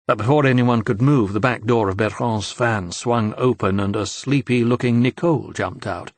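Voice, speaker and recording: A man reading an audiobook in a measured, even narrating style. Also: lowish voice, no echo. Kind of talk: scripted narration.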